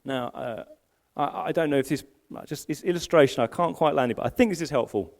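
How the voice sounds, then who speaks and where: At a church service held in a school hall, a middle-aged senior pastor preaches a live sermon, telling stories with self-deprecating humor and frequently restarting. His voice is fairly high, gravelly, and a little mellow, and he talks fairly quickly.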